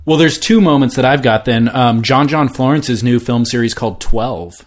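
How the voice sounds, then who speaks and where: A man's voice: medium pitch, normal speed. Man, podcast co-host, casual chat, wry teasing banter, medium voice.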